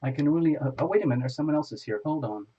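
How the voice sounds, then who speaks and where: Husky-voiced man chatting on a dull stream. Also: fairly high pitch, rapid-fire, warm tone. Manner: rambling, playful, chatty. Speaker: tarot channel host. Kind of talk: casual livestream chat with viewers.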